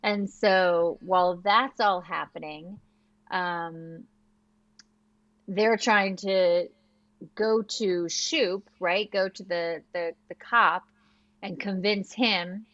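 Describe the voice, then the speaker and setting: A woman co-hosting a podcast, chatting casually and retelling scenes with quick quoted lines. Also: fairly low pitch, fairly even intonation, fairly bright tone, no room sound, highs cut off. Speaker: podcast co-host. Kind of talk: casual recap chat.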